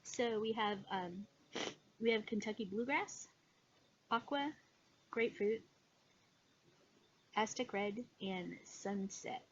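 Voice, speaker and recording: A woman chatting casually in a haul video, gushing with excitement and filling pauses with "um". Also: mid-range voice. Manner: excitable, gushing, many fillers. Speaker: cross-stitch vlogger. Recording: dull lo-fi sound with background noise.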